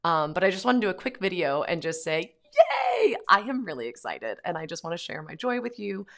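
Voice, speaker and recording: A woman's voice: on the low side, very animated, fast talker, a bit bright. A woman, a mother, talking casually to camera in a vlog from home, with lots of "like" and "um" fillers. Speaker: Catholic pro-life vlogger, mother.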